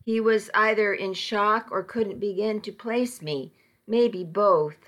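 Slow-paced woman reading a novel. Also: mid-range voice, a bit bright. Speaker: audiobook narrator. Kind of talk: first-person novel narration.

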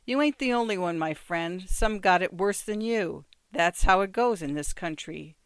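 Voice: mid-range voice, moderate pace, clear, resonant tone, no echo, natural voice. A reader voicing a cold, mocking ticket collector who sneers and threatens. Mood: sneering. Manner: sneering, menacing.

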